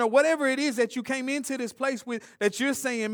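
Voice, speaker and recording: Male preacher, high voice, impassioned church sermon, loud and hushed in turns. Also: fairly even intonation, a little fast, few pauses. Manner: impassioned, swings between loud urgency and hushed intensity, repeats words.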